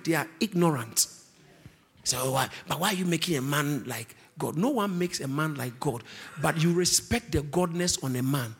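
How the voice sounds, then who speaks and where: Preacher guy, high voice that swoops all over, leans hard on key words. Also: vocal fry. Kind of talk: sermon.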